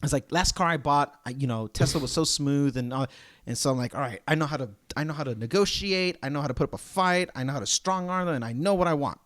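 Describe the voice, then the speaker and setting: A podcast co-host, this man chats casually as an animated storyteller, acting out the other people in his stories, including dealer dialogue. His voice is a little high and he talks at a quick pace. The studio sound is clean, with no echo.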